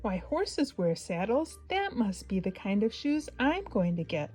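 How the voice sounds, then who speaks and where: A woman's voice: mid-range voice, very animated, a little slow, a little mellow, faint music behind, poor audio. A woman voicing a curious, hopeful little male colt in a storybook, musing to himself in a wondering tone.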